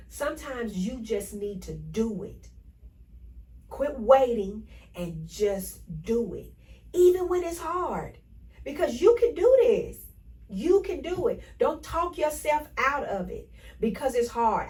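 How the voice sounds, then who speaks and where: A woman hosting a motivational podcast, talking in an energetic, preachy way and repeating affirmations to her listeners. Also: fairly high pitch, a little slow, recorded from a distance, poor audio. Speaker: podcast host.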